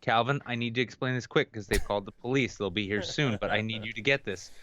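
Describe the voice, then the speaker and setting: A man co-hosting a podcast, chatting casually with wry, dark jokes. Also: on the low side, fast, highs cut off, a little hiss or hum. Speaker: podcast co-host. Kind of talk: casual comedic chat.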